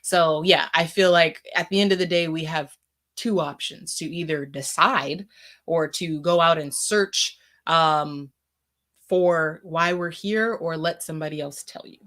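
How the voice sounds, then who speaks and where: A woman talking on a podcast in a thoughtful, searching way, often pausing on fillers. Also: low voice, fairly even intonation, fairly bright tone. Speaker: podcast speaker. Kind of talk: casual podcast conversation.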